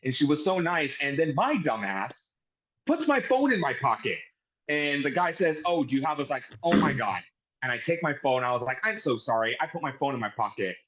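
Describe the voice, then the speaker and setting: A man co-hosting a podcast, telling a story in casual chat with animated, profane delivery. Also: on the high side, a little fast, rough recording. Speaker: podcast co-host.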